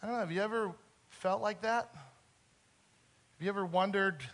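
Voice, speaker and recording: A man preaching a sermon earnestly, swinging between loud emphasis and soft, quiet moments. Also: high-pitched, normal speed, pauses often. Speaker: pastor.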